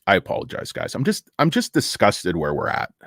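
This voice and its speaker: Emotional rambling American man, very lively pitch. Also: fairly quick, vocal fry, dry recording, studio quality. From United States. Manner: emotional, swearing, rambling with many fillers and restarts. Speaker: stock market YouTuber. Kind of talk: casual rambling monologue.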